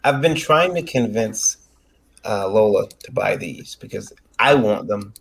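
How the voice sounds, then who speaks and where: A man's voice: fairly low pitch, animated, unhurried, creaky, breathy edge. A man co-hosting a casual livestream, rambling with many fillers while showing off toys. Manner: rambling, lots of fillers, shows off toys on camera. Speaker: co-host of a crowdfunding livestream.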